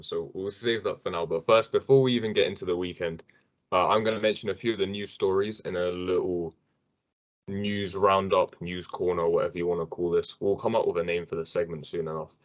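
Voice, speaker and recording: A man's voice: low voice, a little fast. A young man hosting a casual sports podcast, chatty and rambling, with fillers and restarts. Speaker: podcast host.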